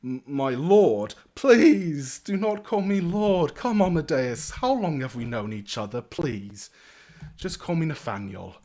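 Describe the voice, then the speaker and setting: A man's voice: fairly high pitch, big pitch swings, takes it slowly, dark tone, voice pushed up, exaggerated voice. A man voicing a boastful, naive young male noble who talks in a grand, theatrical way. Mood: affectionate.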